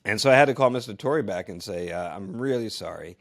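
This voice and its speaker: A man co-hosting a relaxed podcast chat, spinning a long anecdote with plenty of stops and restarts. His pitch swings widely as he acts out the people in the story. He laughs often along the way. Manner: halting, with many restarts and fillers. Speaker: podcast co-host, former astronaut.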